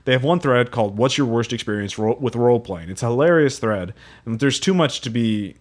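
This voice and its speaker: A man co-hosting a casual tabletop gaming podcast, relaxed and chuckling as he shares game quotes and reads forum stories aloud. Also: medium pitch, a little fast. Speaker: podcast co-host.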